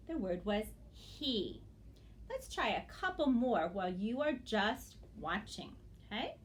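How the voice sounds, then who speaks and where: A woman teacher giving a phonics lesson to young children, stretching words out slowly and checking in with a gentle "okay?" after each step. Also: a little high, very animated, slight background noise. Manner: slow, exaggerated, sing-song teacher talk to young children.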